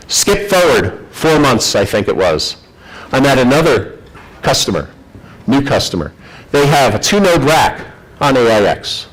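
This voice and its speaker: A man's voice: medium pitch, rough recording. A man presenting a technical conference talk, telling the story in a chatty, self-deprecating way. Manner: animated storytelling, acts out quoted voices.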